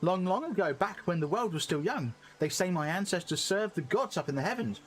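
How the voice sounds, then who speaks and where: A man voicing a cheerful little male moogle, reading game dialogue aloud in a squeaky, bouncy voice. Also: expressive, a little fast, soft background music. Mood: chirpy.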